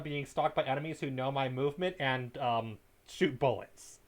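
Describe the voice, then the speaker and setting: A man at a desk mic gives live gameplay commentary as a streamer, with a voice of ordinary middle pitch. He chats easily with his viewers and breaks into loud, excited yelling during tense moments. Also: moderate pace, few pauses. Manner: chatty, talks to chat, bursts into loud excited yelling. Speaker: game streamer.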